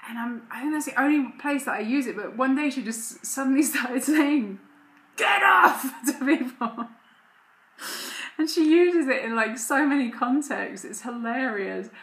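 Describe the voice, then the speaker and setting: A woman's voice: high voice, normal speed, few pauses, roomy sound. A woman, a mother and vlogger, chatting casually to camera at home in a rambling way. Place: home room.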